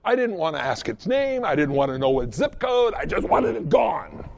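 A man who is a pastor, preaching a sermon and telling a story in an animated way, often repeating words as he goes. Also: sits high, normal speed, gravelly, hardly any pauses, slight background noise.

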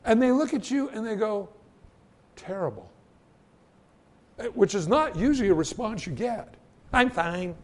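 A man's voice: high voice, lively intonation, fairly quick, hardly any pauses, a little mellow. A man preaching a sermon, telling Bible stories and acting out the voices in the quotes. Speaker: pastor.

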